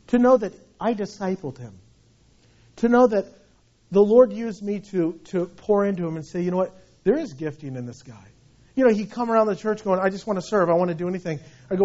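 Middle-aged male pastor with a high voice, animated anecdotal preaching; muffled lo-fi recording. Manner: conversational, animated storytelling with restarts. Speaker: senior pastor. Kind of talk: sermon. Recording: dull lo-fi sound.

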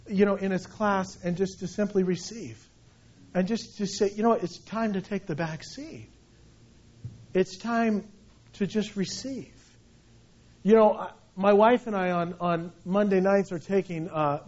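Man, high voice, middle-aged pastor, chatty sermon, dull lo-fi recording. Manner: conversational, animated storytelling with restarts. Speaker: senior pastor. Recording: dull lo-fi sound.

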